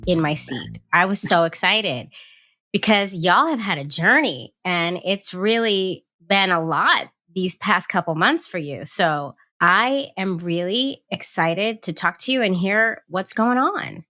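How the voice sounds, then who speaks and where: A woman hosting a podcast, bubbly and effusive, chatting warmly with guests and listeners. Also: lowish voice, animated, measured pace, no room sound, clean studio sound. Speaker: podcast host.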